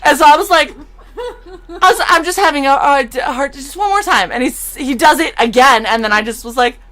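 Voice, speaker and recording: A woman's voice: high-pitched, brisk. A woman co-hosting a casual stream, telling stories and acting out the people in them. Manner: animated storyteller, acts out quotes. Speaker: co-host. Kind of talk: casual stream chat, storytelling.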